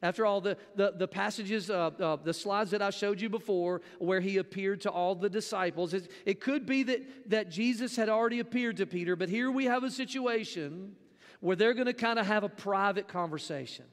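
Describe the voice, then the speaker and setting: A man preaching a sermon in a relaxed, conversational way, often repeating words as he restarts his sentences. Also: sits high, moderate pace. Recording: long hall reverb.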